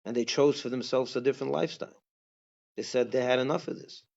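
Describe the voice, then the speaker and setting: A man's voice: medium pitch, fast talker, gravelly, a little mellow, muffled recording. A man, a rabbi, giving a Passover class, teaching emphatically with many rhetorical questions.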